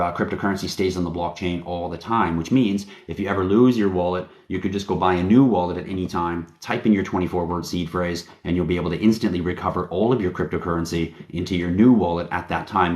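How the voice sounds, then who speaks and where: Guy, low voice, rambling and hyped, cusses casually on his livestream. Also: darkish tone, reverberant. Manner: rambling, hype-driven, casually profane. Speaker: livestream host and company founder.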